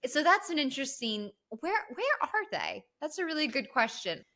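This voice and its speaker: Woman podcast host, bright tone, animated casual film recap with the odd curse. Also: sits high, normal speed. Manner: animated storyteller, swears casually. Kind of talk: casual movie recap chat.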